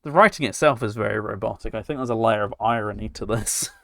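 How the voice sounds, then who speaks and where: A man's voice: lowish voice, expressive, moderate pace, gravelly. A man giving wry, chatty commentary while playing a video game, chuckling to himself now and then. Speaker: let's play host. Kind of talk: gameplay commentary. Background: loud game music.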